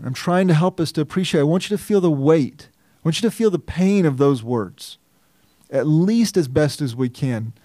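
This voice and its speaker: A man's voice: a little high, expressive, normal speed, warm tone, no room sound, clean studio sound. A man pastor preaching a sermon, teaching earnestly and reading scripture aloud with feeling.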